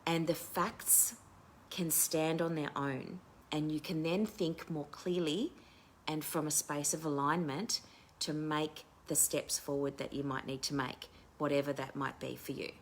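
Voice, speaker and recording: A woman with a notably low voice hosts a live online wellness talk. She speaks candidly and reflectively as a coach, restarting her sentences as she goes. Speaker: midlife coach and show host.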